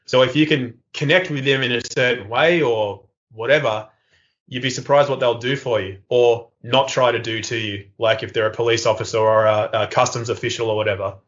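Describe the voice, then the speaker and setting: A man's voice: mid-range voice, a little fast. Aussie man in his thirties, podcast guest, spins yarns and acts out the voices, muffled lo-fi sound. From Australia. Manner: animated, acts out quoted voices. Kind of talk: casual storytelling interview. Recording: dull lo-fi podcast audio.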